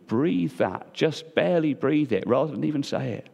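A man preaching a sermon, moving between emphatic lines and hushed, quiet passages. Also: very animated, normal speed, gravelly. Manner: swings between loud emphatic and hushed low delivery. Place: church. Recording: long church reverb.

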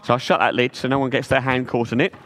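A man leading a church children's talk, telling a story in a gentle, coaxing way with drawn-out emphasis. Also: medium pitch, level tone.

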